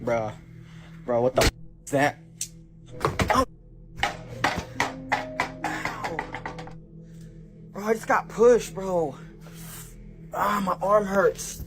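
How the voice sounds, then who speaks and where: Young guy freaking out in an empty shop at night, kinda high voice, talking into his phone, lots of bro. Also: big pitch swings, drawn-out words, long pauses, over music. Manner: frightened, swearing, keeps saying bro. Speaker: night shift store clerk. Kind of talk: self-filmed phone video. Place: small shop indoors at night. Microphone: handheld phone.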